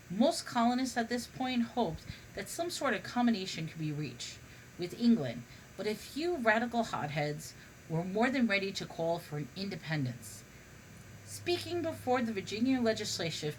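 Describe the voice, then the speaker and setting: A woman's voice: medium pitch, slight background noise, poor audio. A woman reading a humorous history book aloud, now and then stumbling and restarting on a word. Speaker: reader.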